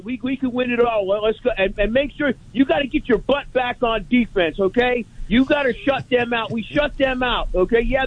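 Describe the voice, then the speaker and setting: A man calling into a sports talk show, talking emphatically and repeating words as he pushes his point. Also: very high voice. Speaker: caller. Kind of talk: sports talk radio call. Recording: tinny phone line.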